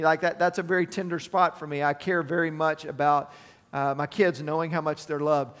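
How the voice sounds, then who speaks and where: Earnest middle-aged pastor in a reverberant hall. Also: male voice, a little high, little pitch movement, moderate pace, fairly bright tone. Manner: earnest, conversational preaching with personal asides. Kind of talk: sermon.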